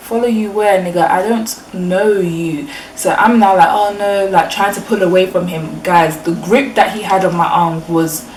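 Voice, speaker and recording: Young London woman vlogger, lowish voice, animated casual storytelling, distant mic, faint background hum. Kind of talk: storytime vlog. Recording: echoey room, mic at a distance.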